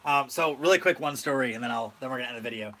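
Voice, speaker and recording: Bright-voiced Michigan man chatting casually. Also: medium pitch, very fast. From Michigan, USA. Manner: rambling storyteller, says "like" often. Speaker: podcast host. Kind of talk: casual chat.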